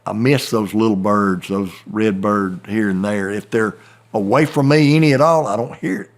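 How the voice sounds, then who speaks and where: A middle-aged man with a Southern American accent, telling a rambling, folksy story in casual chat. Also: on the low side. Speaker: turkey hunting guide.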